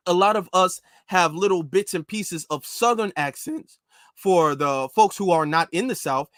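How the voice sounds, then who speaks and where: High-voiced man in dry, emphatic commentary. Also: fairly bright tone, dry recording. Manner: emphatic and repetitive. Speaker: channel host and commentator. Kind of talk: reaction commentary.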